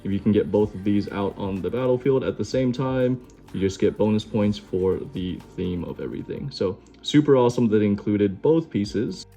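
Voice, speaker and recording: Mellow, low-voiced man hosting an unboxing. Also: moderate pace, vocal fry, faint music behind. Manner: relaxed, chatty, enthusiastic. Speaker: card-opening host. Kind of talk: casual unboxing chat.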